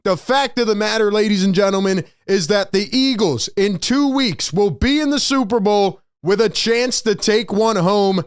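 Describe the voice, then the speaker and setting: A man's voice: high voice, moderate pace, hardly any pauses, smooth, no room sound, clean studio sound. A man hosting a live fan postgame show, hyped and emphatic, straining his voice and often ending lines with "man".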